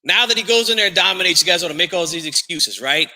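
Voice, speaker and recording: Loud, theatrical boxing podcast host. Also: male voice, high-pitched, lively intonation, quick pace, big-room sound. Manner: loud, theatrical, refers to himself in third person. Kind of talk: hyped-up boxing talk.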